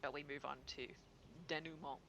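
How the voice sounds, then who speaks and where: A woman narrating as game master, talking casually and laughing between quick asides. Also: low-pitched, flat delivery, gravelly, a bit bright, a little hiss or hum, poor audio.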